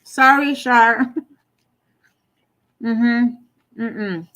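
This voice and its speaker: A woman's voice: a little high, drawn-out words, a bit bright. A woman hosting a casual livestream from home at night, chatty and apologetic, cooing at her pet in between. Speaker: livestream host.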